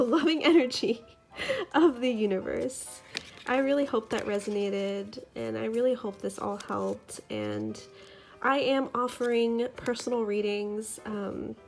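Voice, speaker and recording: A young woman reads tarot cards in a casual vlog, chatty and earnest, with fillers and quick soft laughs. Her voice sits in a middle range. Faint music plays behind her. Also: medium pitch, vocal fry. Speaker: tarot reader.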